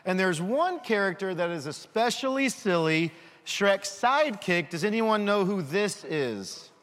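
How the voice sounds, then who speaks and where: A man giving a children's sermon, lively and full of questions for the kids. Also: high-pitched, a little slow, big-room sound. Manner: animated, asks children questions.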